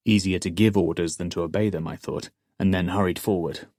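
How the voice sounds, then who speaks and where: Male audiobook narrator, first person, measured, low voice, dry studio sound. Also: steady tone, a little mellow, dry recording.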